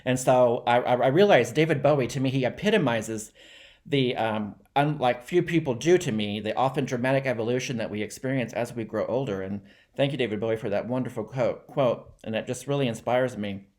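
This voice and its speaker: A man's voice: medium pitch, fairly quick, a little mellow. Rambling man in a casual monologue. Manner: rambling, with fillers and self-deprecating laughs. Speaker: vlogger trying out a joke.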